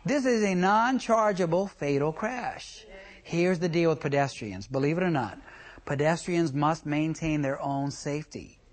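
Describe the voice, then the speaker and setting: This traffic school instructor talks a little slowly in a mid-range voice. His lecture to the class is comic, built on jokes and stories, and he quizzes the room.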